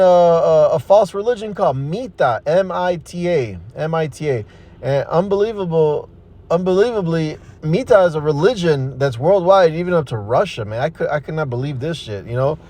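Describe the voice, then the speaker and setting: A man in his thirties giving an intense street sermon and personal testimony, swearing freely and tagging lines with "man" and "you see". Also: fairly high pitch. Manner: forceful, profane, repeats "man" and "you see". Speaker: street preacher.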